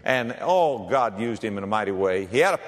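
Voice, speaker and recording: A man's voice: lowish voice, expressive, fairly quick. Dramatic preacher man in a reverberant hall. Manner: dramatic, swinging between ringing emphasis and hushed tones. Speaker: pastor. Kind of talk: sermon.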